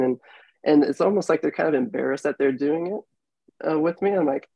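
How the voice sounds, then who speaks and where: A man's voice: a little high, normal speed, vocal fry, husky, dry recording, muffled recording. A young man hosting a podcast, chatting casually with a lot of fillers and rambling asides. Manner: rambling, filler-heavy, laughs easily. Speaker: podcast host. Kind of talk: casual interview chat. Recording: dry close podcast mic.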